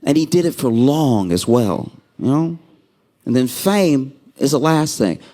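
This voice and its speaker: A man doing a stand-up comedy set, telling stories with lively delivery and acting out the people he quotes. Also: measured pace. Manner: animated storytelling, acts out quoted people with sudden pitch jumps.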